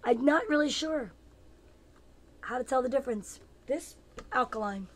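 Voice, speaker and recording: A woman in her fifties with a fairly high voice hosts her own comedy show. She rambles from joke to joke, mocks herself, and chats with viewers by name. A faint hiss sits under her voice. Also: normal speed. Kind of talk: casual comic live chat with viewers.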